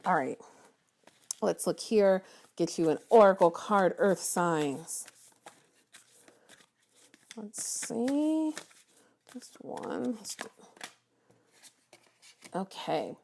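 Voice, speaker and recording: Gravelly low-voiced woman reading tarot. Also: darkish tone. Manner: chatty, encouraging, many ums and restarts. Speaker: tarot reader.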